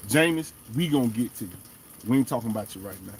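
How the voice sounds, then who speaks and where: A man hosting a fan show, giving animated, emphatic casual commentary and talking straight to the players. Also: medium pitch, quick pace, a little hiss or hum. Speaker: sports fan show host.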